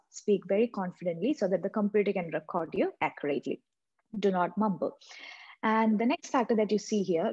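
A woman's voice: medium pitch, mellow, slightly rough, highs cut off. A woman with a non-native English accent, teaching an exam-prep lesson and repeating key points to drive them home. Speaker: exam coaching tutor. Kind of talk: instructional tutorial.

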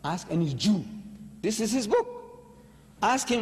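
Male preacher, argumentative and emphatic, lecturing; raised pitch, reverberant hall. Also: animated, normal speed, long pauses, a little mellow. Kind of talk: religious lecture to an audience.

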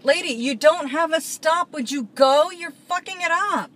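A woman's voice: sits high, moderate pace, a bit bright, rough recording. A woman driving and filming, ranting at other drivers with sarcastic, swearing mutters. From Florida. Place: inside a car on the road. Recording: car cabin with road noise.

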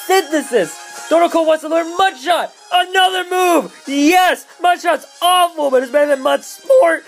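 A young man doing excitable gameplay commentary, swearing a lot and shouting in glee. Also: very high-pitched, unhurried, gravelly, hardly any pauses, soft background music. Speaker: let's play commentator.

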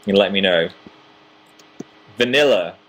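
Young male livestream host, chatty and self-mocking, slightly low voice, reading fan comments. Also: animated, a little slow, fairly bright tone. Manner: chatty, self-deprecating, reads viewer comments aloud.

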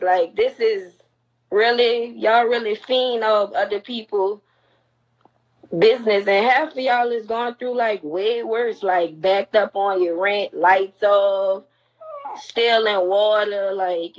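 A young woman rants straight into her phone during a live stream, blunt and confrontational, scolding everyone listening. Her voice sits at an ordinary middle pitch. The audio is lo-fi, with the dull, muffled edge of a phone livestream.

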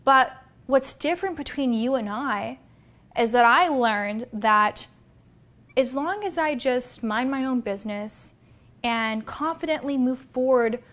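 Woman voicing a calm wise old alley cat. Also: on the high side.

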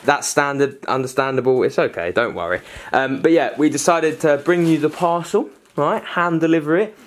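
A man's voice: a little high, normal speed. A young man in a scripted first-person skit, rambling awkwardly with nervous fillers while delivering a parcel. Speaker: clothing brand creator delivering a parcel.

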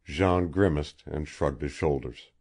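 A man narrating an audiobook in a measured, expressive way. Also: extremely low pitch. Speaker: audiobook reader.

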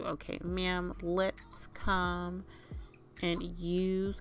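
A woman's voice: low-pitched, unhurried, a bit bright, soft background music. A woman casually commentating her life-sim gameplay and chatting to her game characters as if they were family. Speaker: gaming channel host.

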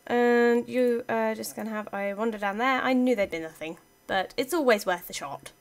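A woman's voice: on the high side, moderate pace. Chatty woman narrating her game. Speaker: let's play gamer. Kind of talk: casual gameplay commentary.

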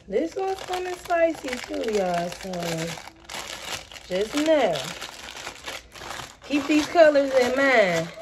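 A woman's voice: high voice, noisy background. A woman vlogging in casual chat, talking to her viewers directly as she unpacks and shows off purchases. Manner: chatty, talks to viewers as y'all.

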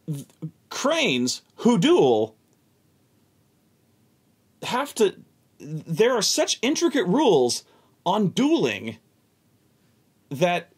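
A man telling a casual, profane story about a tabletop game, animated and exasperated, often repeating himself. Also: high voice, husky.

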